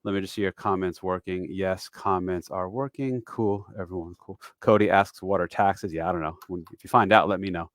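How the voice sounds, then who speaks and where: A man's voice: sits low, fairly even intonation, a little fast, hardly any pauses, no room sound. Chatty man in his forties, dry sound. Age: 40s. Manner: loose and chatty with dad jokes, many fillers; self-deprecating. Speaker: retirement tax educator hosting a live stream. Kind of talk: casual live-stream walkthrough.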